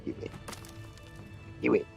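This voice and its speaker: A man's voice: a little slow, lo-fi sound. A tired man chatting while gaming, hesitant, with lots of ums and uhs. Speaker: co-player. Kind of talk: casual gaming chat. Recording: faint game music behind.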